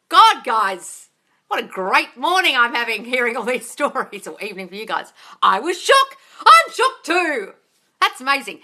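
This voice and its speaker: A woman manifesting coach hosting a casual live Q&A, gushing and excitable, calling listeners darling and swearing freely. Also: fairly high pitch, normal speed. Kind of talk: casual live-stream Q&A, reading viewer comments.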